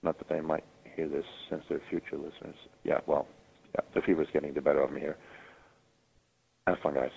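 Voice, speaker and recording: A very deep, gravelly and husky-voiced man calls in while sick with a fever, rambling haltingly with many fillers. The line is thin and tinny, like a phone. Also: flat delivery, a little mellow. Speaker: caller.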